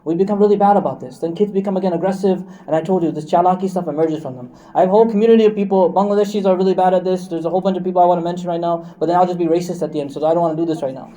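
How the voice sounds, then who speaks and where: A man's voice: high-pitched, steady tone, rapid-fire, hardly any pauses, warm tone, low-quality recording. A man preaching a sermon on Quran commentary, joking with the congregation and asking them questions. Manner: joking, conversational, asks the crowd questions.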